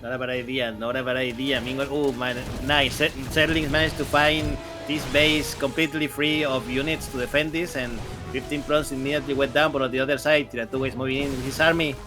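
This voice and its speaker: A man's voice: mid-range voice, level tone, quick pace, few pauses, music in the background. A man co-casting a live strategy game tournament, jokey, often stumbling and restarting his words. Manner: stammers on restarts, jokey, says "mate". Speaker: esports co-caster.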